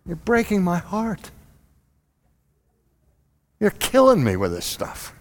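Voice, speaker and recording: A preacher voicing an exasperated apostle. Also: male voice, on the high side, animated, a little slow, a bit bright. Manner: rising, pleading exclamations. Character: exasperated resolute male apostle pleading with friends.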